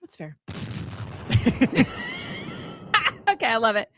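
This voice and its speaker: A woman's voice: medium pitch, animated, normal speed, background noise. A middle-aged woman hosting a show, chatting playfully with her co-host. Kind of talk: casual chat.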